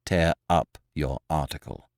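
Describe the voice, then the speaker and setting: A man's voice: extremely low pitch, a little slow, vocal fry, no room sound, studio quality, voice pushed down, exaggerated voice. A man voicing a proud, wrathful master thief who mutters threats through his teeth in an audiobook reading. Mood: menacing. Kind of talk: audiobook character voice.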